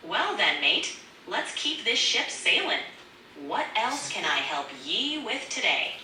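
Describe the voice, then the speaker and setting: Jolly pirate played by a bright synthetic woman's voice, heard from across an echoey room. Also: mid-range voice, big pitch swings, slow pace, recorded from a distance, a little hiss or hum, exaggerated voice. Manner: hammy pirate talk, upbeat. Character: cheery female AI doing a pirate.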